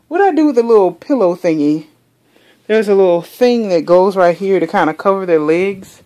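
A young woman vlogger gushing excitedly in casual chat, saying y'all a lot. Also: lowish voice, moderate pace.

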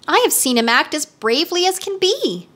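A woman doing a bright eager little girl. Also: high voice, normal speed, pitched above the performer's own voice. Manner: bright excited questions. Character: eager earnest young girl.

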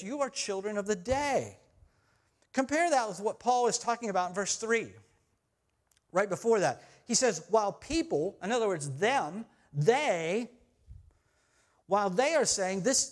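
A middle-aged male pastor whose voice sits high for a man, preaching in a church. He slips easily from scripture into chatty personal anecdotes, animated and conversational. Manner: chatty storytelling, animated swings in loudness. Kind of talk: sermon with personal stories. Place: church sanctuary.

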